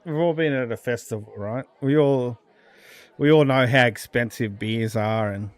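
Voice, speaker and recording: Relaxed, joking man in a pub chat. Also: mid-range voice, moderate pace, dry recording. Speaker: podcast co-host.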